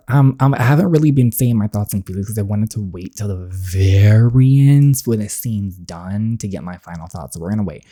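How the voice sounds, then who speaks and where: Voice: deep voice, moderate pace, few pauses, mellow, dry recording, clean studio sound. A gaming host reacting casually to a choice-story game, chatty and full of fillers, talking straight to viewers. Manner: chatty, filler-heavy, addresses viewers as y'all. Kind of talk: casual let's-play commentary.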